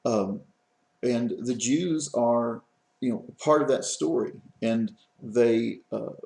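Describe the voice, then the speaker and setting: Guy lecturing a class, kinda gravelly, lots of ums and restarts, echoey room. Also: medium pitch, a little mellow. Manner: conversational, many fillers and restarts.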